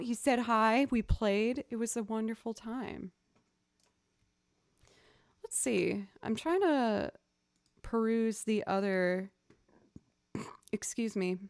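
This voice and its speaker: A woman who streams as a musician chats casually with her viewers, upbeat and fond of saying "y'all." Her mid-range voice is a little mellow, captured with clean, roomless studio sound from a studio mic run through audio software.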